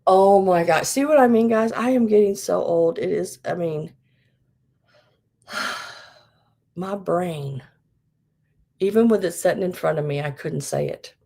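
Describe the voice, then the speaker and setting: A woman's voice: fairly low pitch, measured pace, gravelly, pauses often, mellow. A middle-aged woman hosting a live vintage sale, chatting casually with many fillers and laughing at herself. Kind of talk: casual live-stream selling.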